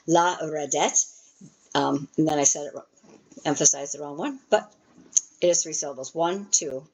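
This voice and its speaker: A woman teaching an introductory Hebrew class from a textbook, explaining step by step and filling pauses with "um". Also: low voice, a little mellow, poor audio. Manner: frequent "um" fillers, patient step-by-step explaining.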